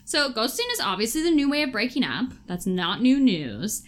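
A young woman co-hosting a podcast, chatting casually with friends, playful and quick to laugh. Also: fairly high pitch, very animated. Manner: playful, laughs often, tells stories. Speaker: podcast co-host. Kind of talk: casual chat.

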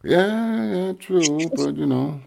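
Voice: medium pitch, animated, takes it slowly, gravelly, warm tone. A podcast co-host who jokes in rants, swears a lot and keeps repeating phrases. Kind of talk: casual joking chat.

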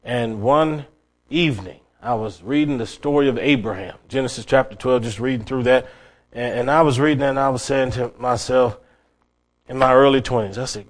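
A man's voice: mid-range voice, brisk. A middle-aged man preaching a sermon, telling stories and often restarting his words. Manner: storytelling with many restarts and repeated words.

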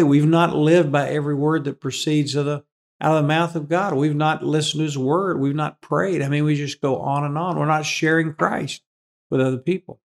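A man's voice: on the high side, vocal fry. A man, a pastor, giving an earnest, emphatic Bible teaching and repeating key phrases for weight.

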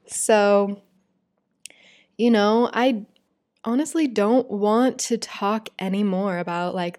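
A woman's voice: medium pitch, a little mellow. A woman hosting her own podcast, talking casually and confidingly to listeners with lots of "like" and "you guys" fillers. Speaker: podcast host. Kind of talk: casual solo podcast chat.

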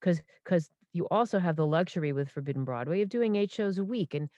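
A woman in her fifties, a stage impressionist, talks in a low voice. She is animated and keeps interrupting herself with asides. The sound is dry and close. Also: brisk, no room sound, highs cut off. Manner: animated, self-interrupting, full of restarts and asides. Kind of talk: casual interview storytelling.

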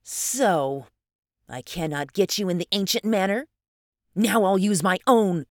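A haughty, mocking superhuman man, as the reader puts him on in a storybook reading, grand and declaiming. The recording is dry and close, with no room sound. His commands come with lofty, unhurried scorn. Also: medium pitch, no echo, voice pushed up, close to an everyday voice. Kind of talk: audiobook character reading.

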